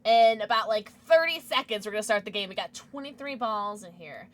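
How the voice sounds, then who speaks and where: A young woman streaming a game to her chat, giggling a lot and shrieking with excitement. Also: mid-range voice, fairly quick. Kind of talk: livestream game commentary.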